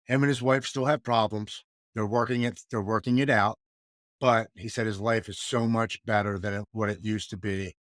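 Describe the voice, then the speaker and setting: A man's voice: lowish voice, fairly even intonation, moderate pace, fairly bright tone, no echo, clean studio sound. A man in his forties, from the United States, telling his story as a podcast guest in an earnest, heartfelt and reflective way. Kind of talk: candid interview conversation.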